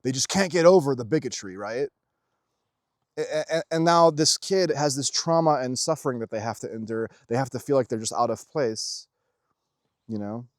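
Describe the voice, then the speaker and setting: A young man giving a casual, emphatic spiritual monologue as host of his own channel, swearing freely and shifting quickly in intensity. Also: medium pitch, animated, no room sound, clean studio sound.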